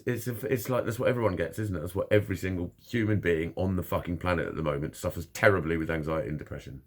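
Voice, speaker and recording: A man's voice: low-pitched, darkish tone. A man talking frankly and bluntly in a casual monologue, swearing constantly as he opens up about his own experiences. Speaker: vlogger.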